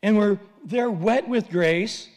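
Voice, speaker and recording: A man's voice: high voice, takes it slowly, a little mellow, big-room sound. A man preaching a sermon, telling a story animatedly and acting out voices.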